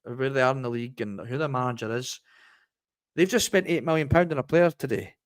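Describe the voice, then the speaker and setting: A man's voice: medium pitch, fast talker, dry recording. A man co-hosting a casual football podcast, acting out haggling exchanges as he tells stories. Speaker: podcast co-host.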